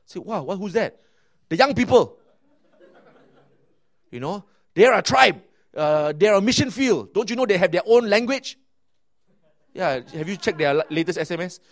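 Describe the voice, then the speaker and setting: Malaysian English man, fairly high voice, pastor telling lively sermon stories with lots of fillers. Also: moderate pace, long pauses. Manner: animated, chatty, frequent filler words and restarts. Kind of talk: sermon storytelling.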